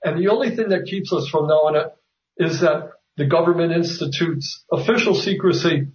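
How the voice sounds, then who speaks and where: Halting, roomy-sounding man. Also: a little high. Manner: hesitant, many fillers and restarts. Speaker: author guest. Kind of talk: conversational interview. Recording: roomy, distant, dull sound.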